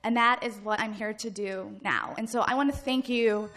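A woman in her thirties tells a personal story to a live audience. Her voice sits high and sounds bright. She tells it with energy, acts out shouts and laughs along the way. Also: steady tone, moderate pace. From Midwest United States. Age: 30s. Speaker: guest speaker.

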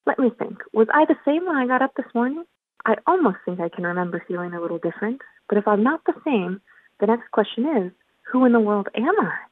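A woman reads a storybook, voicing a puzzled, earnest little girl who talks to herself in a wondering, fussy way. Her voice is fairly high, sing-song, and a little quick, with no echo, over a tinny, phone-like line.

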